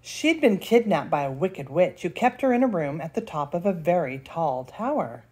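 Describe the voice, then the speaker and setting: An older woman, a grandmother, reading a picture book aloud with lively expression. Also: lowish voice, normal speed, slightly rough. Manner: expressive, laughs between lines. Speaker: storyteller.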